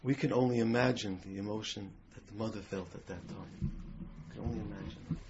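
A man's voice: on the low side, steady tone, brisk. A man giving a talk to a live audience, telling an emotional story and asking the room questions. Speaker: lecturer. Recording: lo-fi room recording with loud hiss.

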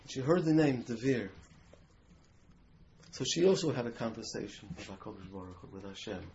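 Addressing a live audience, this lecturer shares an emotional story and asks the room questions, speaking at a moderate pace in a lowish voice. Loud hiss runs through the lo-fi room recording.

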